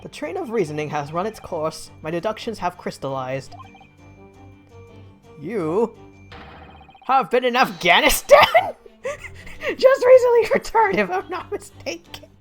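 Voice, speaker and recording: A woman's voice: a little high, very animated, unhurried, long pauses, faint music behind, pitched above the performer's own voice. A woman voicing a pompous, eccentric British male detective in a theatrical, grandiloquent manner, with a put-on British accent. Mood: grandiose. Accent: attempted British.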